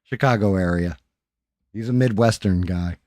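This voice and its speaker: Man, live-stream host, low voice, rambling casual chat, profane, dry close mic. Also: moderate pace, a little mellow, dry recording. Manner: rambling, profane, talks straight to viewers. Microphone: studio microphone.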